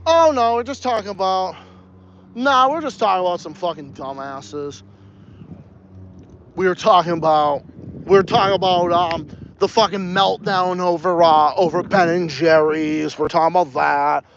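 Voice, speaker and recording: A man's voice: sits high, normal speed, a bit bright, lo-fi sound, a little hiss or hum. A man with a New England accent hosting a casual podcast outdoors, rambling and swearing as he laughs through his chat. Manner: profane, rambling, laughs often. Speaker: podcast host. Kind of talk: casual ranting livestream chat.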